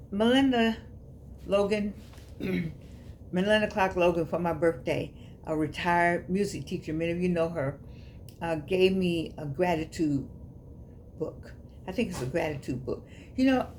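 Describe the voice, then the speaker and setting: A woman's voice: on the low side, a little hiss or hum. A woman giving a casual, heartfelt talk to her viewers, repeating and stumbling over her words in a preacherly way. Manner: repetitive, stumbling, emotional, preacherly. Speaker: author and host giving a daily talk.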